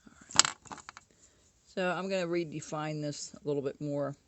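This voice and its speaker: A woman's voice: low voice, fairly even intonation, brisk, very noisy. A woman casually talking through a woodcarving tutorial at home, chatty and often correcting herself. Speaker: woodcarving instructor.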